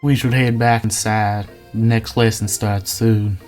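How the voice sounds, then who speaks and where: A man puts on a folksy older colonel from a dating game, with a flat, even drawl that barely rises or falls. He sounds courtly and sure of himself, and a faint strum of music sits behind him. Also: lowish voice, a little slow, close to an everyday voice. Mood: self-assured. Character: folksy older male fried-chicken colonel.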